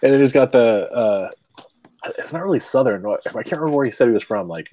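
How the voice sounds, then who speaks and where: A man's voice: mid-range voice, expressive, fast talker, mellow, poor audio. A man chatting casually in a group call, rambling and self-deprecating, laughing often. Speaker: comics website runner.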